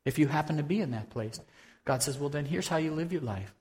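A man preaching a conversational sermon as pastor, swinging from loud bursts to hushed tones. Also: on the high side, expressive, fast talker, big-room sound.

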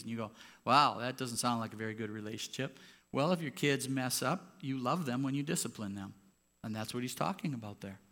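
Speaking from the sanctuary, a pastor preaches with a medium-pitched voice that's a bit bright. His delivery is conversational with emphatic moments on points, and the handheld or clip mic pops.

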